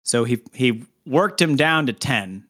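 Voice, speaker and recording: A man's voice: medium pitch, animated, measured pace, a bit bright. Playful man reading scripture aloud. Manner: playful, laughing, jokey asides while reading. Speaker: podcast co-host reading scripture. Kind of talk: casual chat with scripture reading.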